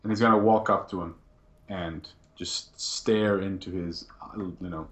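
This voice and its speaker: Game master narrating a tabletop session, low voice, roomy echo. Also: male voice, steady tone, a bit bright. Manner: narrates quickly in present tense.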